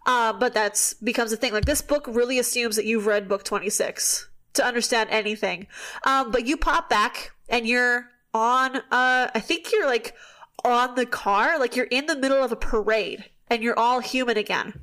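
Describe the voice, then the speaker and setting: Chatty woman animatedly retelling a story. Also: on the high side. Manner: animated storytelling, quick asides, swearing. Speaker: podcast host. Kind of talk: casual chat recapping a book.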